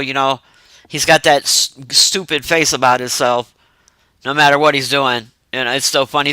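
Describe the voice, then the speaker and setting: A man's voice: a little high, pushed and bright, no room sound, low-quality recording. A man casually recapping a film plot in a rambling, profane way with frequent laughter. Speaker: movie reviewer.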